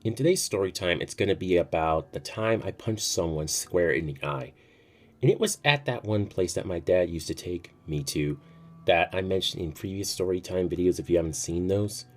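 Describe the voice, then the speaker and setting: A man's voice: low voice, normal speed. A man telling a personal story in a casual, chatty way, swearing freely. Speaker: storytime youtuber. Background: faint music.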